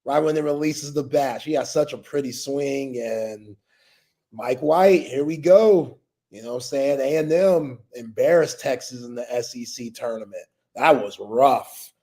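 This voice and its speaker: A man's voice: medium pitch, a little slow, warm tone. A man co-hosting a live sports talk show, chatting loosely in slang and laughing often. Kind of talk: casual sports chat.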